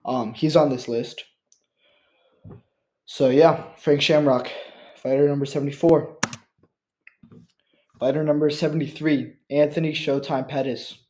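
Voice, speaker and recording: A man hosting his own channel, talking through a ranking list in one casual take, halting often with fillers and restarts, recorded on a built-in computer mic. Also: a little high, steady tone, darkish tone. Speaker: channel host.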